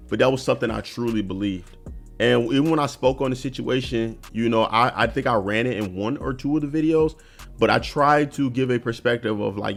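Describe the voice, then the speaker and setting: A man hosting a solo commentary video, talking earnestly and conversationally, often restarting his sentences and filling pauses with um and uh. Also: medium pitch, gravelly. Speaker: commentary channel host.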